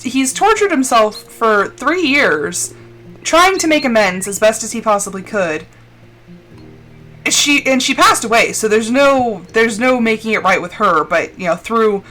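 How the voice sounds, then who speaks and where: A woman streamer chatting casually and expressively while playing a game, full of fillers and quick laughs. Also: fairly high pitch, a bit bright. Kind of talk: casual chat while gaming on a live stream.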